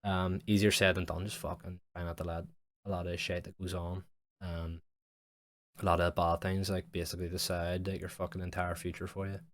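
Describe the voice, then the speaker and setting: A man's voice: deep voice, level tone, a little fast. A young man hosting a solo podcast, rambling frankly and reflectively about his feelings, with constant swearing and fillers. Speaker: podcast host. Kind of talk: casual solo podcast monologue.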